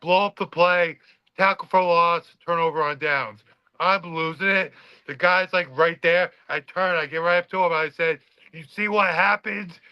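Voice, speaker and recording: A man's voice: fairly high pitch, fairly even intonation, normal speed, clean tone, no room sound, highs cut off. A man, a former college football player, telling a story in casual podcast chat and acting out the quotes with swearing.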